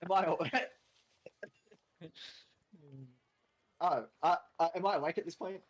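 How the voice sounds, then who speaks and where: Giggly, swearing Australian player. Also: male voice, on the high side, steady tone. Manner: giggly, swearing, quick asides. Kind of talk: casual tabletop role-play.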